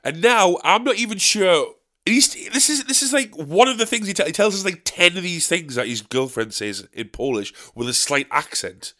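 A man's voice: sits high, animated, moderate pace, sharp tone. A man, a stand-up comedian, telling a story in an exasperated, ranting way and swearing freely. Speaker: stand-up comedian and pub quiz host. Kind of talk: casual storytelling monologue.

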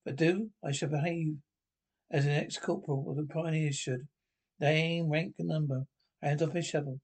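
A nervy pompous fellow, bit high voice, old film comedy. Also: male voice, fairly even intonation, normal speed, a little mellow. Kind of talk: 1960s film comedy acting.

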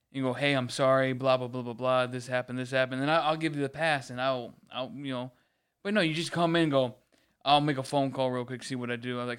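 A man's voice: medium pitch, fairly even intonation, a little fast, fairly bright tone, clean tone. A man in casual podcast chat, ranting about a late customer and acting out both sides. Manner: ranting, repeats words, acts out quoted customers. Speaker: podcast co-host.

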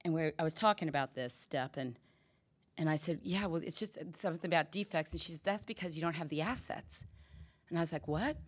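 A woman's voice: low voice, a little fast. A middle-aged woman giving a candid personal testimony at a recovery meeting, telling stories and acting out the quoted dialogue.

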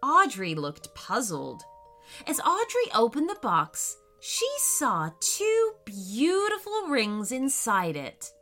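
A woman narrating a children's story in a slow, expressive way. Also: fairly high pitch, soft background music.

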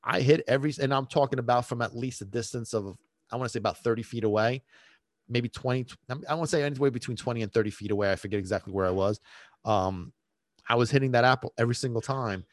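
A man's voice: medium pitch, fast talker, dry recording, studio quality. A man, a dog trainer, casually telling a rambling personal story with many restarts and fillers.

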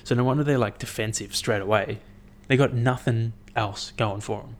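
A young man talking to camera in a casual, rambling monologue, blunt and swearing a lot as he thinks out loud. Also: mid-range voice, moderate pace, slight background noise. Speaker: vlogger.

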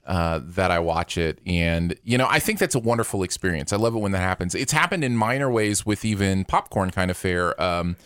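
A young adult man co-hosting a casual movie podcast, enthusiastic and animated as he tells stories. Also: deep voice, fairly quick, few pauses, clear, resonant tone, dry recording, clean studio sound. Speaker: podcast co-host.

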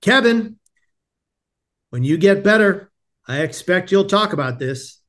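A man's voice: mid-range voice, expressive, brisk, natural voice. A man voicing a jovial, white-haired old friar who is a hospital chaplain, speaking in a cheery, hearty way. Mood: earnest.

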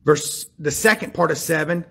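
A man preaching a sermon that mixes a personal story with scripture. He shifts between hushed, quiet passages and emphatic, building ones. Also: a little high, normal speed, creaky, husky. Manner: animated storyteller, drops to hushed tones then builds emphatically.

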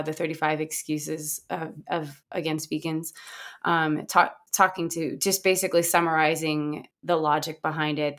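Low-voiced earnest woman, rambling. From USA. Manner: earnest, rambling with frequent restarts and fillers. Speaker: guest, founder of a satirical website. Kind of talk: casual interview conversation.

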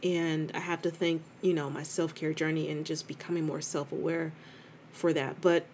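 A woman's voice: sits low, level tone, moderate pace, darkish tone, slight background noise. A middle-aged woman talking candidly and conversationally as a host, speaking straight to her listener and calling her "girl". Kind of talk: casual confessional talk.

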